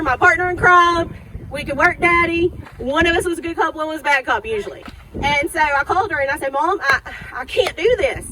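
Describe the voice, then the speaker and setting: A middle-aged woman giving an emotional eulogy at an outdoor graveside, telling the story and acting out remembered dialogue. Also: high-pitched. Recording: outdoor recording with passing traffic noise.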